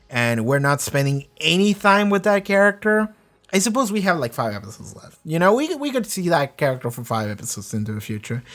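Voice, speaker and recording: A show reviewer who talks in a casual, rambling way, gets excited and swears a lot while breaking down an episode. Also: mid-range voice. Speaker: video reaction reviewer.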